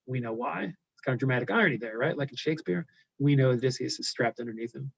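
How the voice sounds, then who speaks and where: Male teacher, casual explainer, mid-pitched, lo-fi recording. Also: quick pace, vocal fry, no echo. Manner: casual, explanatory, softer asides. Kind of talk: reading aloud with commentary. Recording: dull lo-fi recording.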